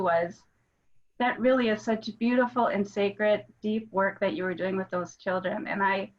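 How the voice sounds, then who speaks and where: A woman speaks earnestly and warmly over a video call. Her audio sounds dull and muffled. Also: mid-range voice. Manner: earnest, heartfelt. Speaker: call participant.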